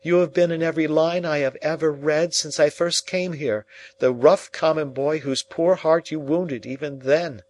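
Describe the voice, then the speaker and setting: A man's voice: mid-range voice, lively intonation, normal speed, voice pushed up, close to an everyday voice. A man reading the part of an anguished young man pleading with the woman he loves, in a storybook reading. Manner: pleading, earnest, emotional.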